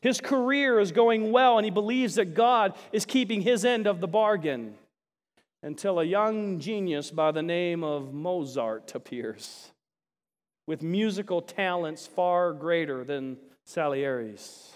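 A male pastor preaching a sermon, swinging between loud emphasis and hushed asides, often putting questions to the congregation. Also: high voice, measured pace. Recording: long reverb of a large hall.

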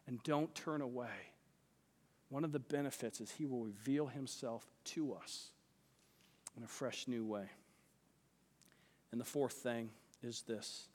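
A male pastor delivers an energetic sermon, his voice pitched high and bright. He keeps calling out to the congregation. The sound carries a long echo from the church hall. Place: church sanctuary.

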